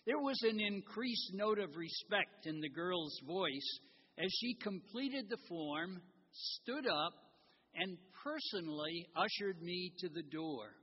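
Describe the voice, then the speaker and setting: An older man preaching a sermon and reading a story aloud with gentle humor, recorded in a church. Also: sits high, animated, takes it slowly, slightly rough. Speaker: guest preacher. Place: church sanctuary. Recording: dull recording in a large reverberant church.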